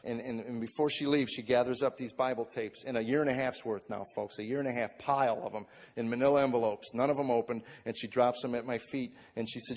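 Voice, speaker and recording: Before an audience, a middle-aged comedian tells the story of his faith as a testimony, often repeating words at the start of sentences and shifting from a low, subdued tone into shouted excitement. He speaks fast, and the sound suggests a big room.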